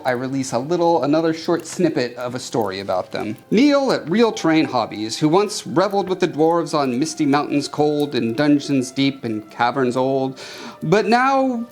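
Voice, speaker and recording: A man playfully narrating a crafting video and reading a short story aloud, joking as he goes. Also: a little high. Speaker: maker YouTuber.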